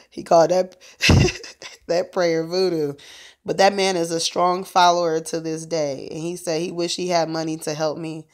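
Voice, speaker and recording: A woman talking casually on a phone livestream as a prayer minister, meandering with lots of fillers and asides. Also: deep voice.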